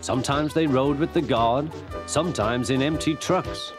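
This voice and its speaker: A man's voice: mid-range voice, moderate pace, over music. A man with a British accent narrating a children's storybook cartoon expressively. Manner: lively and expressive.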